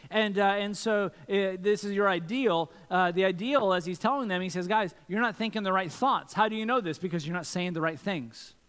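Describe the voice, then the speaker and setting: Earnest preacher man, higher voice. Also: a little fast, hardly any pauses, a bit bright, smooth. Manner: earnest, preaching with many rhetorical questions. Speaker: pastor. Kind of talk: sermon. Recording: long reverb from a church hall.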